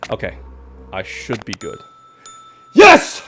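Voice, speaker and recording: A man's voice: mid-range voice, unhurried. Guy rambling thru a live game stream, mid voice, yelps when spooked, noisy background hiss. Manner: rambling, chatty, jumpy outbursts when startled. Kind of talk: casual live gaming commentary.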